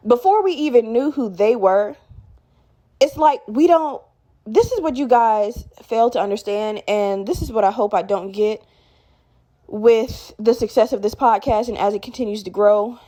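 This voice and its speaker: A woman hosting her own podcast, telling a story in a profane, animated way and laughing as she talks. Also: mid-range voice. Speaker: podcast host.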